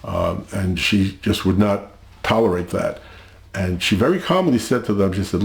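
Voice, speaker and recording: An older man tells his family's history in a very deep voice with a gravelly, creaky edge. He speaks slowly and haltingly, pausing often and filling gaps with "uh" and "um". The room around him adds a noticeable echo. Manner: halting, measured, many pauses and fillers. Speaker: interview guest. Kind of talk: recounting family history in an interview.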